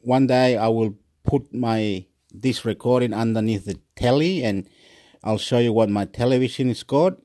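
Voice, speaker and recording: A man's voice: mid-range voice, normal speed, mellow, no echo, studio quality. An Australian man hosting a solo podcast, rambling and restarting as he talks into his phone's recording app. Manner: rambling, restarts often, mixes in Spanish greetings. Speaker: podcast host.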